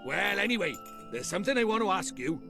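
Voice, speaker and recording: A man's voice: sits high, very animated, fast, gravelly, voice pushed up, exaggerated voice. A man voicing a cheeky, fussy male fairy sidekick with a sing-song, chattering manner. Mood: sulky. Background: game music.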